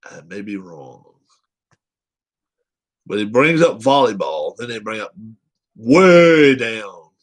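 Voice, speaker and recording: A man's voice: fairly low pitch, sing-song, slow pace, long pauses. A man hosting a casual live chat show, reading viewer comments aloud and teasing them with frequent laughs.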